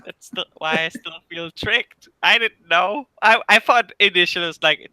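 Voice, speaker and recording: A man's voice: sits high, normal speed, pushed and bright, clear, resonant tone, no room sound. A man joining a stream as a guest, joking and playfully protesting in casual chat.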